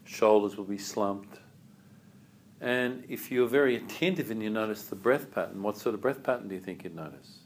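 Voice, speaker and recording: A man teaching a yoga class, calm and asking the group questions. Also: on the low side, moderate pace, a little hiss or hum.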